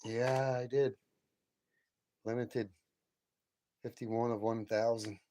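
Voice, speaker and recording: A man hosts a casual late-night live stream from his home, talking straight to his viewers. He rambles from one thought to the next and chuckles often. His voice sits at an ordinary middle pitch. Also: level tone, slow pace, warm tone, a little hiss or hum.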